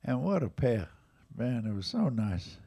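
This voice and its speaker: A man in his eighties with an English accent, casually telling jazz stories at a live museum event, lively and animated in his retelling. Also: mid-range voice, unhurried, gravelly, breathy edge. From England. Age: 80s. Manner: lively, animated retelling with raised voices for quotes. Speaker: jazz drummer and storyteller guest. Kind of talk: casual anecdotal storytelling.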